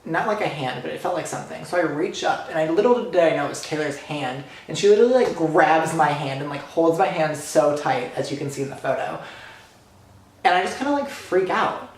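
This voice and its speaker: A young man vlogger excitedly retelling a fan encounter story, gushing and breathless, full of fillers. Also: fairly high pitch, fairly quick. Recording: very echoey room.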